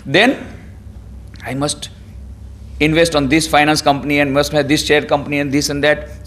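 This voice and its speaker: A man giving a spiritual lecture as a swami, animated, acting out quotes and chanting Sanskrit verses. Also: mid-range voice. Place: lecture hall.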